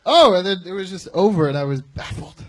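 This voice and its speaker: Comic guy on stage, kinda high voice, ranting exasperated storytelling. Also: quick pace. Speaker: stand-up comic. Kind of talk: stand-up set, then defending it. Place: live comedy venue.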